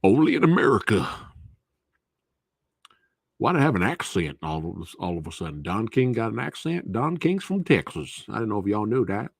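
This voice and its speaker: A man's voice: lowish voice, very animated, a little fast, creaky, few pauses, husky, dry recording, clean studio sound. A man hosting a live Q&A stream, chatting casually and answering viewers by name.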